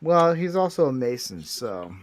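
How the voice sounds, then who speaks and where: A man's voice: medium pitch, sing-song, normal speed, a little hiss or hum. A foul-mouthed man hosting a livestream, rambling in casual crude chat while he builds a Lego set. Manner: foul-mouthed, rambling, self-described redneck. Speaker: livestream host.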